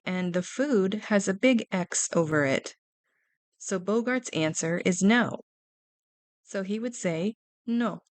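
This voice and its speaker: A woman teaching a beginner Spanish lesson for children, gently asking questions about pictured characters. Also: mid-range voice, no echo.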